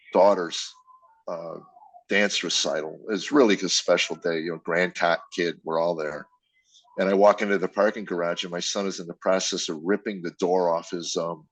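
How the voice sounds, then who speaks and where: An older man in a dry, close podcast recording, talking with raw candor about his past. His voice sits low, and he drops into the people he quotes as he tells the story. He sounds emotional and unguarded. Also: dry recording, poor audio. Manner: emotional, confessional, acts out quoted dialogue. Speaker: comedian guest. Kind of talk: candid personal storytelling.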